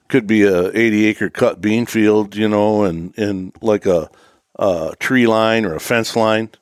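A man's voice: on the low side, no room sound, studio quality. A man, co-hosting a podcast and telling hunting stories in a folksy, drawling way. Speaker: podcast co-host. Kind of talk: casual chat.

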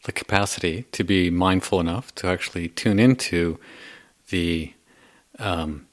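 Male podcast guest, lowish voice, halting and thoughtful, casual. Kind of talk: casual conversation.

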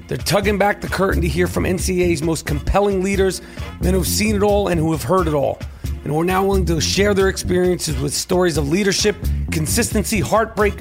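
A man hosting a podcast, rambling and swearing in casual chat and reading an ad. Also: on the high side. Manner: profane, rambling, loud. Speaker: podcast host.

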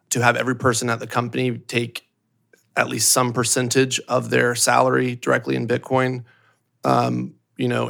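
A man's voice: medium pitch, vocal fry, fairly bright tone. A man who runs a company, a podcast guest, talking casually with many fillers and building to emphatic points. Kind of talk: casual chat.

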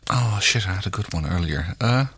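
A man's voice: sits low, animated, fairly quick, a bit bright, slightly rough, no room sound. A man co-hosting a podcast who laughs easily and pokes fun at himself while reading a story. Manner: laughing, self-deprecating. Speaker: podcast co-host. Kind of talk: casual reading and banter.

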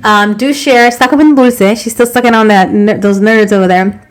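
A woman's voice: medium pitch, steady tone, fairly quick, a little hiss or hum, low-quality recording. A woman hosting a podcast in casual chat, upbeat as she gives advice and puts questions to her co-hosts. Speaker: podcast host.

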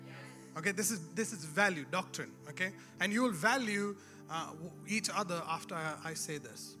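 High-voiced preacher over music. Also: male voice, normal speed. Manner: conversational preaching with laughing asides, rising to emphatic exhortation. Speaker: pastor. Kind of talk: sermon. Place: church.

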